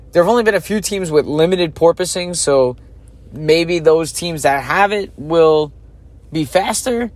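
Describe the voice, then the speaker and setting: A man hosting a podcast, giving casual solo commentary in a chatty, opinionated way and thinking aloud with fillers. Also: on the high side. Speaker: podcast host.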